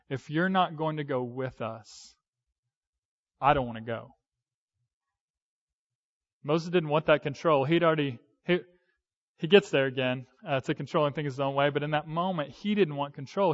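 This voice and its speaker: A man in his thirties preaching in an easygoing, conversational way, often pausing on fillers and starting sentences over. His voice sits a little high for a man, and the recording has a dull, lo-fi sound. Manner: conversational, with hesitant fillers and restarts. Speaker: pastor. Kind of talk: sermon.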